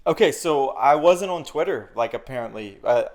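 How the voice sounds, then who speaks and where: A man's voice: medium pitch, animated, normal speed, a little mellow. A man telling a story in casual podcast chat, swearing freely and acting out quoted dialogue. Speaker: podcast guest.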